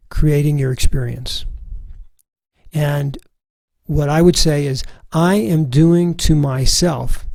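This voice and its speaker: Middle-aged male workshop teacher, gravelly and warm, calm and deliberate, dry close sound. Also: fairly high pitch, no room sound, rough recording. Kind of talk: recorded course lesson.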